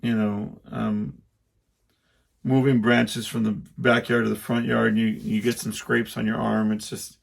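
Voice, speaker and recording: A man's voice: fairly low pitch, little pitch movement, a little slow, creaky. A middle-aged man hosting a podcast, telling a rambling personal story in a casual monologue and acting out the quotes. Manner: rambling, self-interrupting, acts out quotes. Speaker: podcast host.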